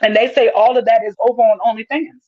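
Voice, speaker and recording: A talkative woman with a Southern drawl and slang reads her viewers' comments aloud on a casual livestream, laughing often. Her voice is fairly high, steady, and fast. The audio has no echo and sounds dry and slightly dull from a lo-fi mic.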